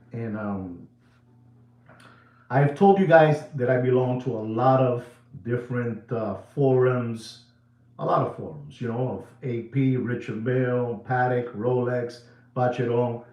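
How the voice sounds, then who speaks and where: A man who speaks Spanish natively, hosting his watch channel in a casual monologue, addressing viewers as ladies and gentlemen and repeating phrases for emphasis. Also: medium pitch. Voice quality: emphatic, repetitive, drawn-out phrasing. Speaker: watch dealer channel host. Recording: echoey room.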